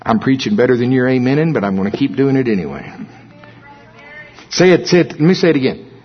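A man's voice: mid-range voice, sing-song, fast, husky. A man preaching a sermon in a folksy way, with humorous asides to the congregation. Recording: dull lo-fi recording.

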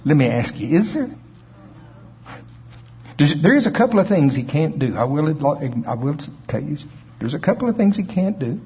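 A man preaching a sermon in a folksy, animated way, acting out scripture scenes in different voices. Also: on the high side, normal speed, slightly rough. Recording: dull lo-fi recording.

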